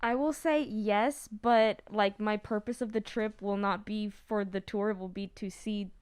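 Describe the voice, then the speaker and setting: A woman's voice: mid-range voice, fairly even intonation, a little slow, a little mellow, clean tone. A woman chatting casually as a cast member, telling her story in a chatty, self-conscious way. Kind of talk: casual chat.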